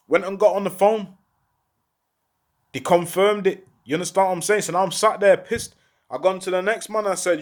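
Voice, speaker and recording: Urgent high-voiced talker. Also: male voice, fairly quick. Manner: urgent, repeats rhetorical questions, heavy street slang. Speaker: former prisoner speaking out. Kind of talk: impassioned monologue to camera.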